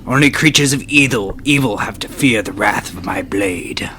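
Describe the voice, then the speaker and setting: Man doing a pious warrior, eager, grandiose, tabletop game, high voice. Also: expressive, a little slow, a bit bright, slight background noise, heavily acted. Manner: grandiose, formal phrasing.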